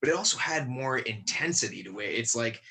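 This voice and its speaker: A man's voice: medium pitch, lively intonation, fairly quick, gravelly, sharp tone. A man guesting on a podcast, chatting casually about acting and horror films, rambling with many fillers and restarts. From Connecticut. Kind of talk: casual chat.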